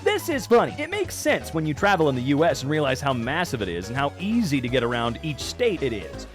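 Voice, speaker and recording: A man's voice: medium pitch, huge pitch swings, brisk, soft background music. An American man reading online posts aloud and mocking them with sarcastic, swearing comments. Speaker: reaction video narrator.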